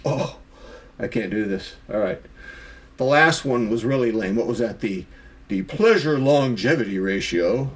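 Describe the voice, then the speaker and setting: A man's voice: medium pitch, animated, a little slow. A middle-aged man vlogging to camera, emphatically scolding himself for his own excuses and calling himself out by name. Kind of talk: self-critical monologue to camera.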